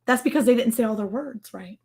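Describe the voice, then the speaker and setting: A woman's voice: on the high side, brisk, creaky, a little mellow, husky. Playful woman co-hosting a ranch livestream. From Maryland, USA. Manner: playful, teasing, exclamatory. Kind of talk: casual livestream chat.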